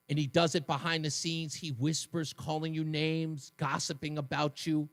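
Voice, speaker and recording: A man's voice: level tone, normal speed, hardly any pauses, no echo, studio quality. A man hosting a talk radio show, delivering a fiery, mocking monologue and taking callers. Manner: fiery, mocking, mimics others in shrill voices. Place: radio studio.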